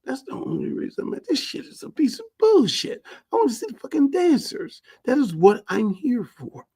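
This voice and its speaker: A man putting on a loud, cursing judge. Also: very high voice, huge pitch swings, normal speed, breathy edge, pitched above the performer's own voice, full character voice. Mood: insistent. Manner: loud, profane insistence. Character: blunt, demanding male judge.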